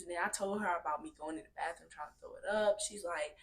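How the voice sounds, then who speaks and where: A young woman telling a personal story to her viewers in a casual, animated way, often calling them y'all. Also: on the low side, fast talker, few pauses, slight background noise. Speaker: vlogger.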